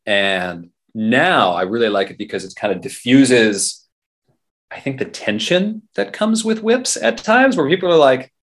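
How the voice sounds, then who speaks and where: A man's voice: mid-range voice, very animated, measured pace, a bit bright. A man, a radio journalist and performer, chatting as an interview guest, rambling with frequent restarts. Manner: rambling, many restarts and fillers. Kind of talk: casual interview talk.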